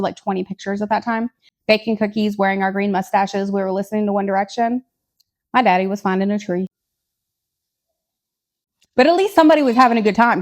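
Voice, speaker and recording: Woman, twenties, podcast co-host, casual storytelling, blunt, dark humor. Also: mid-range voice. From Tennessee, USA. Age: 20s. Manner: blunt, candid, dark humor with frequent asides.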